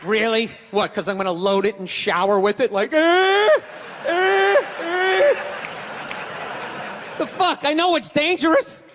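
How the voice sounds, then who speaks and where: High, bright ranting comedian. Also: male voice, a little fast, few pauses, a faint crowd. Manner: ranting, profane, exasperated. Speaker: stand-up comedian. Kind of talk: stand-up comedy routine. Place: comedy venue stage. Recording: stage mic with long hall reverb, faint room noise.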